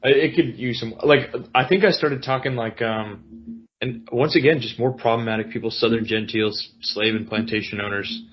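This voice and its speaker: A man's voice: medium pitch, normal speed, lo-fi sound, slight background noise. A man co-hosting a podcast in casual chat, rambling and self-mocking. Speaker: podcast co-host.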